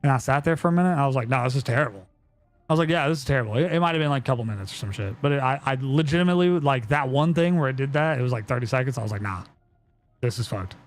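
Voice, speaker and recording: A man's voice: mid-range voice, rapid-fire, hardly any pauses. A young man chatting casually on a live stream, telling a story in a rambling way with lots of fillers and swearing.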